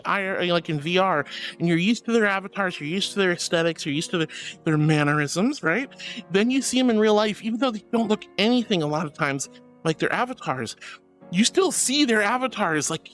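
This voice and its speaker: A man's voice: high voice, moderate pace, faint music behind. A man streaming a casual chat, reading viewer messages and answering them in a gushing, affectionate way. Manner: gushing and affectionate, calls viewers sweetie and honey; excitable, gasps and laughs often.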